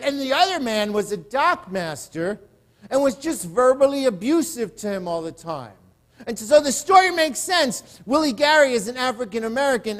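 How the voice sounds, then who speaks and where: High-voiced male pastor preaching. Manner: storytelling, repeats words when starting sentences. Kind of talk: sermon. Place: church service.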